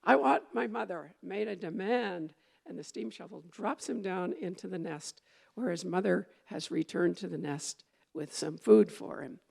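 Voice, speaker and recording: A woman's voice: lowish voice, a little slow, vocal fry, mellow, slightly rough. A woman minister giving a conversational sermon, meandering, with fillers and restarts as she goes.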